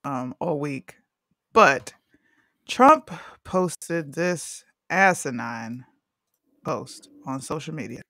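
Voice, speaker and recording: A woman's voice: deep voice, drawn-out words, no echo, clean studio sound. A woman co-hosting a casual online talk show, goofy and jokey, talking over a video call. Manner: goofy, animated, jokey asides. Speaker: podcast co-host. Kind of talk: casual chat.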